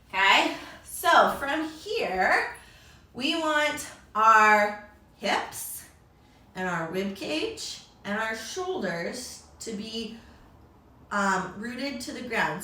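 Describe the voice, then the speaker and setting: A woman's voice: a little high, pushed and bright. A young woman leading a children's yoga lesson, upbeat and encouraging, making animal sounds along with the poses. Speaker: kids yoga teacher. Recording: echoey room, distant mic.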